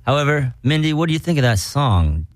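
A man's voice: mid-range voice, sing-song, a little fast, dry recording. A man hosting a casual comedic podcast from a small studio, rambling and self-mocking. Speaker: podcast host. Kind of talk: casual comedic radio chat.

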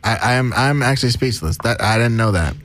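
Male podcast guest, mid-pitched, very animated, goofy, laughing banter. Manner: goofy, laughing, drawn-out asides. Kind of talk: casual crude comedy chat.

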